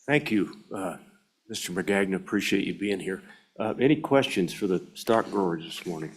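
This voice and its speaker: A man's voice: sits low, moderate pace, breathy edge. A man chairing a legislative committee hearing, courteous and informal, with frequent fillers.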